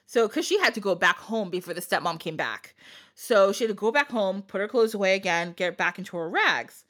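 A woman's voice: mid-range voice, lively intonation, a little fast, a bit bright. A woman casually retelling a folktale on a podcast, chatty, with jokey asides and frequent laughter. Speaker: podcast storyteller.

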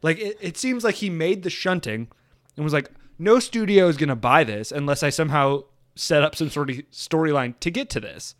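A man with a slightly high voice, rambling through a casual podcast chat with lots of animation and frequent laughter. The sound is dry and close, with no room around it. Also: a little fast, no echo. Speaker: podcast host.

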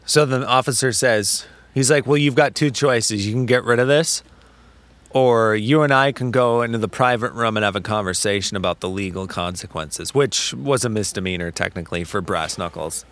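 A man co-hosting a podcast, telling a story in casual chat, animated and full of swearing and quoted back-and-forth. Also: fairly low pitch, moderate pace. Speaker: podcast co-host.

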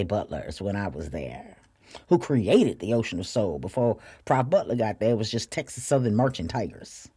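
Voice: mid-range voice, darkish tone, breathy edge. An earnest podcast host giving a heartfelt spiritual talk, repeating phrases and calling listeners y'all. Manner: repetitive, drawn-out phrasing.

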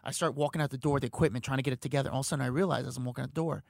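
A man spins rapid-fire anecdotes in a relaxed conversation, his slightly high voice carrying a gravelly edge. He throws himself into the people he quotes and jumps in pitch to play them. The sound is dry and close. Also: no echo. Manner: animated, acts out quotes with big pitch jumps. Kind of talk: casual storytelling chat.

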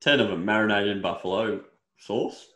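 A man's voice: on the low side, normal speed, echoey room. An Australian man co-hosting a casual podcast chat, ranting with lots of "mate" and swearing. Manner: animated ranting, swears, says "mate" often. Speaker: podcast co-host.

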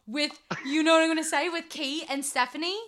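Lively high-voiced young woman. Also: brisk. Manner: lively, laughing storyteller. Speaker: former reality game contestant. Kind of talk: casual podcast chat.

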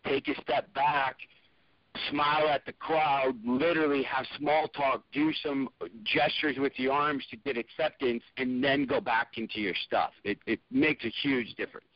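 A man talks shop as a comedian guest on a podcast, circling his point with restarts and asides. His voice sits at an ordinary pitch. The recording is dry and a little dull. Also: fairly even intonation, moderate pace, no room sound. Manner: rambling, restarts, many "you know"s. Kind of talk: casual podcast chat.

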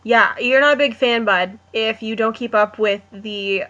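A young adult woman, animated and laughing as she tells stories in a casual chat. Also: a little high, measured pace, lo-fi sound, a little hiss or hum. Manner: animated storyteller, laughs often. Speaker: co-host.

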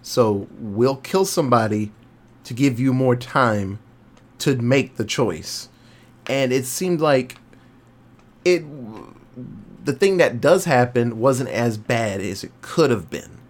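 A young man talks through a film's plot in a loose, casual podcast chat. He slips into little quoted voices for the characters and drops swear words as he goes. His voice sits at an ordinary middle pitch. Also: expressive, slow pace. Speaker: podcast co-host. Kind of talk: casual movie review chat.

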